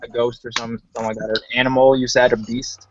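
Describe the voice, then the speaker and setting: A man's voice: medium pitch, little pitch movement, fast, highs cut off, background noise. A man hosting a casual livestream chat, rambling and laughing with his guests over a home computer mic. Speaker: podcast host.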